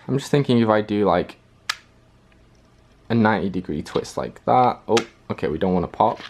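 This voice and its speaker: Hesitant man thinking aloud, low voice. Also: moderate pace, a little mellow, slight background noise. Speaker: puzzle-solving video host. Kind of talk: casual thinking-aloud puzzle solve.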